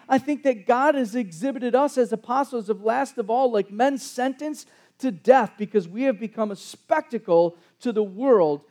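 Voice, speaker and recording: A man's voice: very high voice, mellow. A man preaching a sermon as pastor, conversational, with sarcastic asides and frequent restarts.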